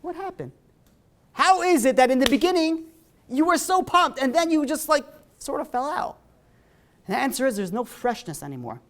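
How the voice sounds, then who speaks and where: A man's voice: very high voice, normal speed, long pauses. A man preaching as a rabbi in a synagogue, speaking casually rather than formally. He tells anecdotes and slips in and out of the voices of the people in them, with plenty of everyday fillers between his points. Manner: animated storyteller, voicing characters in dialogue; conversational with frequent fillers. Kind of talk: holiday sermon with acted-out anecdotes.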